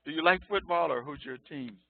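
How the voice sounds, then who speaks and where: A Chicago college professor in his sixties gives an informal online lecture, chatty and joking, wandering off topic amid frequent laughter. His voice is a little high, fairly quick and creaky, coming through a tinny, phone-like line that is dry with no room sound.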